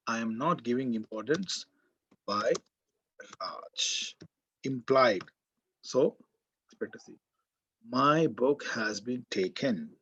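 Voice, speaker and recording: A man's voice: mid-range voice, fairly bright tone, slightly rough. A man with an Indian English accent giving a college grammar lecture, repeating key words and quizzing the class. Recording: dull, muffled lo-fi sound.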